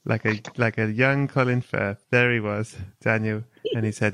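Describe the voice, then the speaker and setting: A man's voice: fairly low pitch, steady tone, moderate pace, few pauses, fairly bright tone, clear, resonant tone, no room sound. A man hosting a podcast, chatting casually and spinning a long, playful, whimsical tale for his guest. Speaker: podcast host. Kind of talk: casual chat with comic storytelling.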